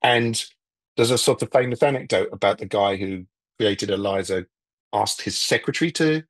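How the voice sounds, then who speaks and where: A man's voice: on the low side, moderate pace. A man talking as a guest in a casual conversation, rambling wryly and often stopping mid-thought to restart. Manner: rambling, self-interrupting, wry, breaks into mock voices. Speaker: guest, TV writer.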